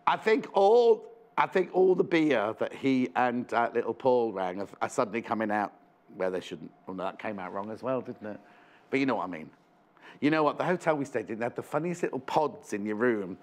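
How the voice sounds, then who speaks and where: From a TV studio, a man delivers a live shopping-channel pitch in an expressive, medium-pitched voice at a fairly quick clip. He wanders chattily through it, counting down stock and revising his words as he speaks.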